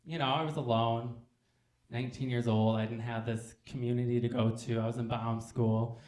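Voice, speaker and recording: A man doing campy, animated stand-up storytelling on a theater stage, acting out the people in his story. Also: mid-range voice, moderate pace, crowd noise. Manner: animated, campy, acts out voices. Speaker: stand-up comedian. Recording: roomy theater sound.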